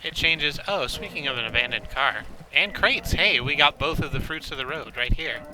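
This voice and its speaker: A man's voice: fairly high pitch, expressive, moderate pace, low-quality recording. A man streaming a game, chatting casually in a rambling, joking, self-deprecating way. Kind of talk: casual gameplay commentary. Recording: game music playing loudly behind. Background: in-game car radio music.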